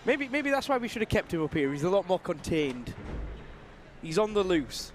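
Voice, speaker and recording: Teasing play-by-play man, high voice. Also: sing-song, normal speed, a little hiss or hum. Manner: dry teasing banter. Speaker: play-by-play commentator. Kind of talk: live ice hockey commentary. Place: commentary gantry at an ice rink.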